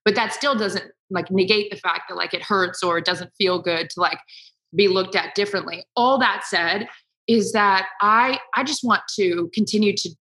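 On a low-quality recording, a female sports broadcaster guest talks at a moderate pace in a sharp, mid-range voice. Candid and self-deprecating in the interview, she gets emotional at times, talking through tears.

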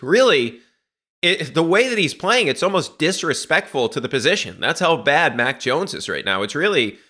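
Blunt, animated sports podcast host. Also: male voice, mid-range voice. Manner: blunt, animated, laughs while ranting. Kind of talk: casual sports talk.

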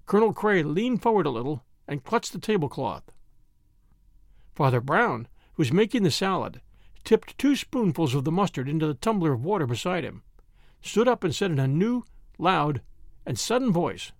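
A man narrating a classic mystery story as an audiobook reader, expressive and lively. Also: a little high, moderate pace, dry recording, clean studio sound.

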